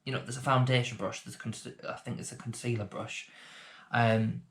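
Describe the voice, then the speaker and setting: A man's voice: mid-range voice, level tone, moderate pace, fairly bright tone. A man chatting casually through a beginner makeup tutorial vlog, rambling with self-deprecating asides. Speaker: beauty vlogger.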